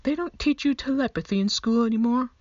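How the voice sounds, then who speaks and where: A woman voices a goofy, fussy male skeleton clerk who condescends to people in a terrible fake put-on accent, her voice a little high, quick and darkish. Pitched above her own voice yet close to everyday speech, it's a dull, lo-fi, dry recording without echo.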